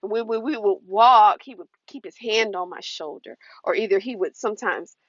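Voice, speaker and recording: A woman's voice: mid-range voice, moderate pace, fairly bright tone, no echo. A woman talks earnestly to camera in a casual advice vlog, warning her viewers. Her voice sits in a middle range and is recorded dry and close, with a dull, lo-fi sound. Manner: earnest, warning, acts out quoted lines. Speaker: advice vlogger.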